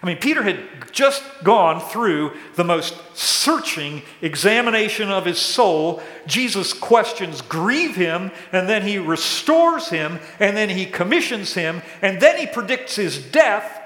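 A pastor preaching a sermon, who acts out quoted questions in a raised voice. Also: male voice, high-pitched, very animated, a little slow, hardly any pauses, bright, forceful tone. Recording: echoey hall with long reverb.

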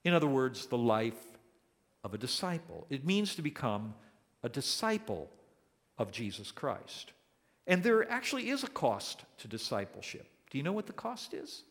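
A man's voice: mid-range voice, sing-song, a bit bright. Older male pastor preaching in a reverberant hall. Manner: earnest, emphatic, slows down to stress key words. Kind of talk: sermon.

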